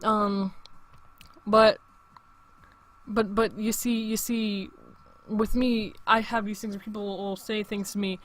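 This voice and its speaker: A man's voice: sits high, little pitch movement, slow, fairly bright tone. A young man in his late teens, hosting his own show in a rambling, profane casual monologue full of restarts. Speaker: show host.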